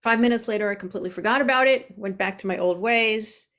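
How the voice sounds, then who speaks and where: A woman in her forties speaks openly as an interview guest. She tells her story earnestly, pausing on fillers along the way, in an ordinary mid-range voice. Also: mid-range voice, fairly bright tone. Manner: open, earnest, with frequent fillers. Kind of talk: candid personal storytelling in a podcast interview.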